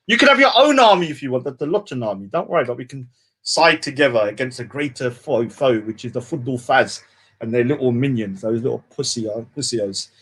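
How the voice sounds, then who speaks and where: A man's voice: mid-range voice, lively intonation, brisk, a bit bright, breathy edge. A man hosting a casual livestream, boastful and taunting, swearing often and trailing off into mumbles. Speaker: livestream host.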